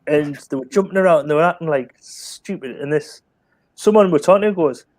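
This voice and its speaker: A man's voice: a little high, fairly quick. A man telling a funny pub story in casual chat, acting out what others said. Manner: lively anecdotal storytelling, acting out other people's lines. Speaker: guest on a chat stream.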